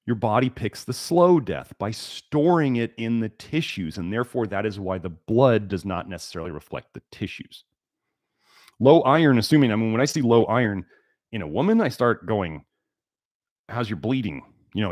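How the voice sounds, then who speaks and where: A man's voice: fairly low pitch, very animated, moderate pace, darkish tone, no room sound, clean studio sound. Emphatic man lecturing on a livestream. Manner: emphatic, repeats key words for stress. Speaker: livestream host.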